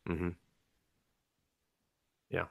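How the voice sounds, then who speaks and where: A man's voice: drawn-out words, darkish tone, dry recording, studio quality. A man co-hosting a podcast in casual chat, rambling, laughing and swearing as he retells scenes. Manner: rambling, laughing, profane, mimics people mid-story. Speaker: podcast co-host.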